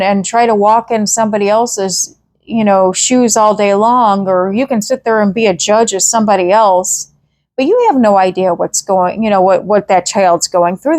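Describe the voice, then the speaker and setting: A woman's voice: fairly high pitch, darkish tone. A woman who is a mother, hosting a podcast and telling a story in an earnest, casual monologue. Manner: earnest storytelling, repeats "I said" while retelling. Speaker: podcast host.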